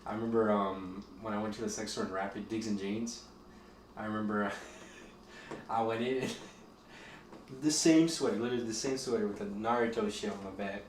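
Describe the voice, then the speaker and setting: A man's voice: on the low side, fairly even intonation, moderate pace, slight background noise. A young man co-hosting a podcast, joking and telling stories in casual chat. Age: young adult. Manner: joking storyteller. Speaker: podcast co-host. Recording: echoey room, distant mic.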